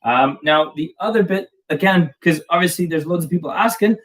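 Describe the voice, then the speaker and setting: Joking drum teacher, distant noisy mic. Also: male voice, fairly high pitch, fairly quick. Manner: jokey, rambling, self-deprecating. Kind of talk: casual video lesson. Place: home drum room. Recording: distant mic with clear background noise.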